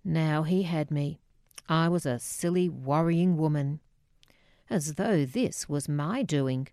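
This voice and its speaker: A middle-aged woman reading a memoir aloud, measured and quietly emotional, voicing the dialogue herself. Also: sits low, no echo, studio quality. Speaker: narrator.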